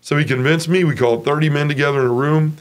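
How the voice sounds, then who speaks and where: A man giving an earnest, emotional personal testimony as an interview guest, acting out other people's voices as he tells the story. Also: quick pace. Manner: animated, acts out others' voices with raised pitch.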